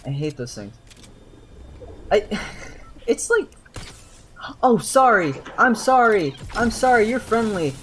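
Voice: mid-range voice, very animated, slow, pauses often, a little hiss or hum. Young streamer rambling and cussing mid-game, voice jumps all over the place, laughs a lot. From New Jersey. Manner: rambling, profane, laughs often. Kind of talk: casual gaming stream chatter.

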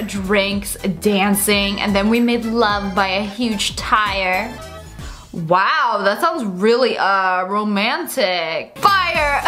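A woman's voice: medium pitch, fairly bright tone. A young woman hosting a video, reading funny texts aloud and reacting with frequent laughter and mocking voices. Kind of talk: casual reaction commentary.

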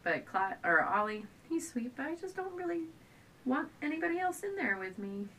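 Chatty pregnant mom, a little far from the mic. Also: female voice, very animated, moderate pace, fairly bright tone. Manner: rambling, chatty, trails off and restarts often. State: pregnant, often out of breath. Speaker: stay-at-home mom vlogger. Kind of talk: casual chat to camera. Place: at home indoors. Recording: a bit distant from the camera, faint low rumble.

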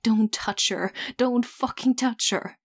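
A woman's voice: on the high side, animated, takes it slowly, a little mellow, slightly rough, whispered, pitched above the performer's own voice, exaggerated voice. A woman reading the lines of a fierce, desperate young woman soldier in an audiobook, snarling and pleading. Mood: furious.

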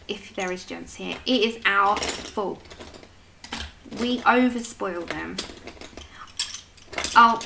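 A woman's voice: fairly high pitch, noisy background. A woman chatting casually as she hosts a colouring livestream, reading comments aloud and talking to her dog. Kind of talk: casual chat with live chat. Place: home, at her desk.

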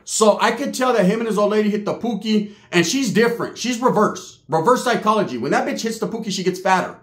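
High-voiced man telling profane comic stories. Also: expressive, quick pace. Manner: slangy, profane, punchy asides. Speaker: comic storyteller. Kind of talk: profane comedic storytelling. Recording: roomy echo.

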